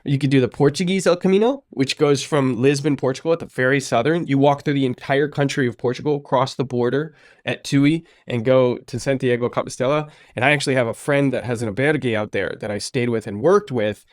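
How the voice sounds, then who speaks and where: A man's voice: medium pitch, fairly quick, no echo. A man hosting a podcast, telling stories with lots of energy and slipping into the voices of the people he quotes. His voice sits in a middle range and sounds close and dry, with no room around it. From United States. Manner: animated storyteller, acts out quoted speech. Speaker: podcast host. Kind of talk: conversational interview.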